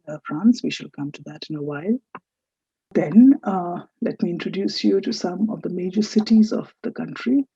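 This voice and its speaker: A woman teaches a recorded French lesson at an unhurried pace, pausing to correct how words are pronounced. Her voice is deep and husky. The recording is dry and dull. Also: dark tone, no room sound. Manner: explanatory, corrects pronunciation. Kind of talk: recorded online lecture.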